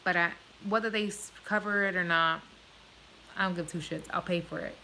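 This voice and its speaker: Woman, New Jersey accent, blunt live-stream chatter, bright voice, light background hiss. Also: lowish voice, fairly even intonation, moderate pace, rough recording. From born in Puerto Rico, raised in New Jersey. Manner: blunt, frank, swears freely. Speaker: vlogger answering live viewer questions. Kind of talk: casual live-stream chat.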